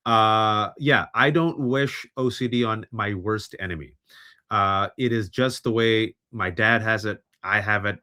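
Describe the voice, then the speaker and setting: Man in his forties, livestream host, animated, bright forceful voice. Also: on the low side, a little slow. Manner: animated, mimics other voices. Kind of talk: livestream commentary.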